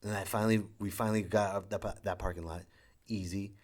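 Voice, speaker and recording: His voice is lowish, quick, and a little mellow, with fairly even intonation. The speaker, a father somewhere between young adult and middle age, hosts a podcast and rambles through a sarcastic comic tale, acting out what people said.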